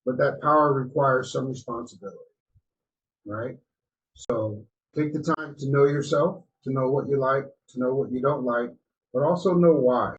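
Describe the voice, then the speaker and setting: A man co-hosts a podcast, talking in an easygoing, advice-giving way. His voice sits in a middle range. The recording is a little dull, with faint background hiss. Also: medium pitch. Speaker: podcast co-host. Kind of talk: casual mentoring talk.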